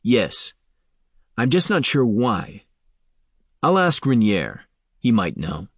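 A man voicing a calm, measured elder brother speaking with quiet care in an audiobook. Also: medium pitch, breathy edge, dry recording, studio quality, exaggerated voice.

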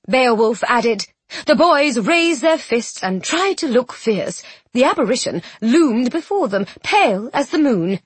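A woman reads a children's story aloud with expressive, playful narration and the occasional aside to the listener. Her voice is fairly high and lively, with a husky, breathy texture. The sound is close and dry, with no room echo. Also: unhurried. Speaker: audiobook narrator. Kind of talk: scripted narration.

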